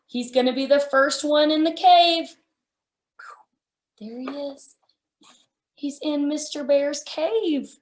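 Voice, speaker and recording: A young woman reading a picture book aloud to small children, wonder-filled and full of gasps, and then showing toy animals. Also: sits high. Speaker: children's story time reader. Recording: echoey room.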